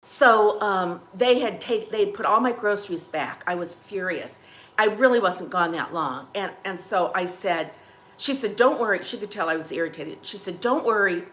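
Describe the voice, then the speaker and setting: A woman's voice: lowish voice, expressive, moderate pace, fairly bright tone, a little hiss or hum. A woman hosting a casual coffee-chat vlog, rambling and chatty as she tells stories to her viewers. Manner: rambling, chatty, restarts and trails off. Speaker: vlog host.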